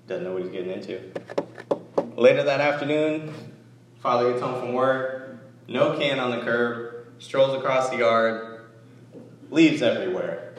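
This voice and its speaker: A man's voice: medium pitch, moderate pace, pauses often. A man giving a casual, conversational sermon, telling stories with asides. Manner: conversational, animated storytelling with asides. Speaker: church lay speaker. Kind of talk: informal sermon. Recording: echoey room, distant mic, faint noise.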